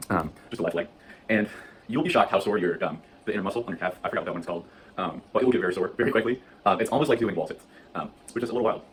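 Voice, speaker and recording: A man's voice: deep voice, a little hiss or hum. A man chatting to camera in a casual vlog, self-deprecating and full of ums, at times out of breath. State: out of breath during balance exercise. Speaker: vlogger documenting leukemia treatment and workouts. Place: home gym indoors.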